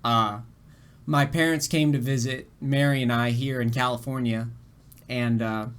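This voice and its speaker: A man's voice: mid-range voice, steady tone, a little slow, fairly bright tone, smooth. A young man streaming games, his voice shaky after crying, telling a rambling story to his chat with laughs and restarts. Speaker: game streamer. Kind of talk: casual storytelling to a live chat.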